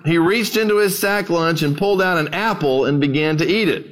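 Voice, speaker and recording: A man's voice: high voice, moderate pace, few pauses, fairly bright tone. A man preaching as pastor, telling stories in a conversational way and addressing listeners as "guys.". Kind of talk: sermon storytelling.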